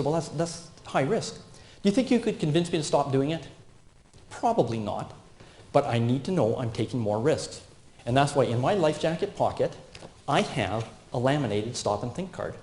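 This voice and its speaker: A man in his fifties giving a safety presentation at a conference, animated and asking the audience questions. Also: mid-range voice. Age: 50s. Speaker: safety speaker. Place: conference hall. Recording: roomy hall sound.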